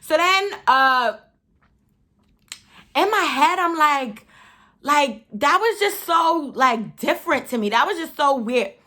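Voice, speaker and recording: A young woman, telling a story in a casual, profane, animated way while doing her makeup. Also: high voice, takes it slowly, long pauses. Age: 20s. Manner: animated, profane, laughs often, acts out her own quotes. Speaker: beauty vlogger.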